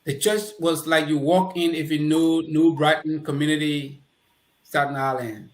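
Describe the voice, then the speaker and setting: A man with a Liberian accent tells a personal story as an interview guest and brings the people in it to life by voicing their lines. His voice sits a little high. The recording has a noticeable roomy echo. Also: normal speed. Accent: Liberian English. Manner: animated, acts out quoted dialogue. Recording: roomy echoey room.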